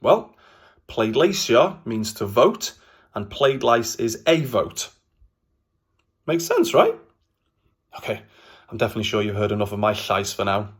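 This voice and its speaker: Relaxed, chatty Welsh man. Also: lowish voice, unhurried, pauses often, slightly rough. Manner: relaxed, chatty, with frequent ums and uhs. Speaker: Welsh language teacher. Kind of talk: casual explanatory language lesson.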